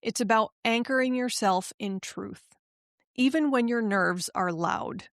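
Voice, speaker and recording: Woman, podcast host, motivational talk, emphatic and affirming, unhurried, dry close recording. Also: fairly high pitch, dry recording. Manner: slow, emphatic, affirming delivery; halting and emotional with fillers when personal. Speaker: podcast host and life coach.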